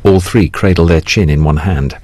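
A man reading scripted audio description in a calm, even manner. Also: low voice, moderate pace.

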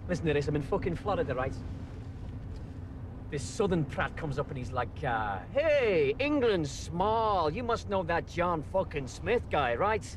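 A brash English gangster who swears constantly and mocks everyone around him. His voice sits high for a man and swings widely in pitch as he rants. Car rumble sits thick under a film soundtrack. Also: sing-song, unhurried. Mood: ranting. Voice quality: profane, boastful, mocking. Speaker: film character.

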